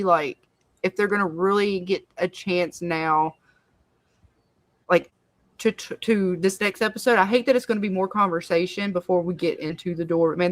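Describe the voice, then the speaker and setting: A woman's voice: lowish voice, no room sound. A woman on a podcast panel in casual fan-show discussion, talking with profanity and acting out quotes from the show.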